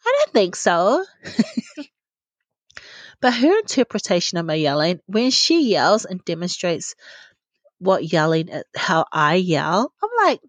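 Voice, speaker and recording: A woman's voice: fairly low pitch, sing-song, unhurried, pauses often, no echo. A woman in her thirties hosting a solo parenting podcast, talking candidly and laughing at herself often. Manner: candid and confiding, laughs often, self-deprecating. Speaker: podcast host. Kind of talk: reflective solo podcast talk.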